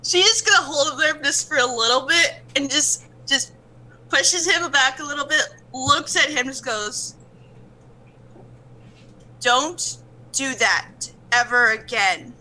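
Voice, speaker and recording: Sex: woman. Role: tabletop player. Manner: soft, hesitant. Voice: high and strikingly bright. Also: normal speed, low-quality recording. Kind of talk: casual tabletop role-play.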